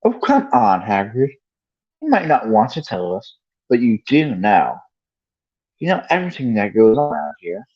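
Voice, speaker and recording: A man's voice: fairly high pitch, big pitch swings, a little fast, few pauses, muffled recording, voice pushed up. A man voicing a clever young schoolgirl witch in a storybook reading, in a raised voice. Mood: coaxing.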